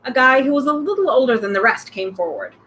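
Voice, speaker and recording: A young woman reading a novel aloud, breaking off with excited comments about the myths. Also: high voice, quick pace, slight background noise, low-quality recording. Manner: excited outbursts between read passages. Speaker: reader, channel host.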